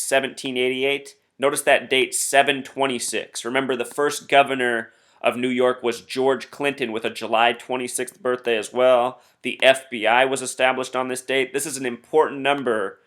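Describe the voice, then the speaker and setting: A man's voice: medium pitch, fairly bright tone. A man hosting a solo commentary video, earnestly explaining number codes and reading out quotes. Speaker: conspiracy video host.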